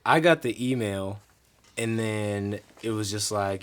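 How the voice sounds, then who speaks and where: A man in a band telling a story in an interview, lively, with big swings in pitch and volume. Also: moderate pace. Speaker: band member.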